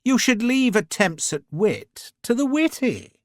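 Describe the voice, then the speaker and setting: An audiobook narrator voicing a smooth, cheerfully mocking aristocratic renegade officer. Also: male voice, extremely high pitch, big pitch swings, a little slow, no echo, clean studio sound, voice pushed up, exaggerated voice. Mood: urbane, mocking. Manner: urbane, mocking, genteel.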